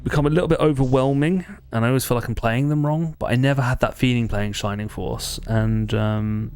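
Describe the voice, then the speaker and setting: A man's voice: medium pitch, fairly even intonation, fairly quick, a little mellow, smooth, no echo. A man streaming a game, chatting casually in a rambling, self-correcting way. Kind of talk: casual let's-play chat.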